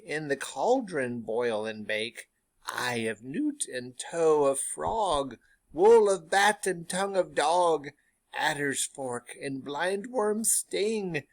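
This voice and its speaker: A man reading Shakespeare's witches aloud in a slow, drawn-out dramatic chant. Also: fairly high pitch, voice pushed up, exaggerated voice. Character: three chanting witches in a cavern.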